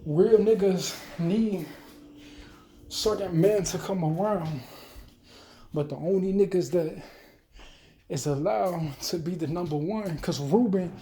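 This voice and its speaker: A man's voice: high-pitched, dark tone, a little hiss or hum. A man ranting in a loose, rambling, profane monologue. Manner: profane, loose, rambling, talks fast then trails off. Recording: roomy echo.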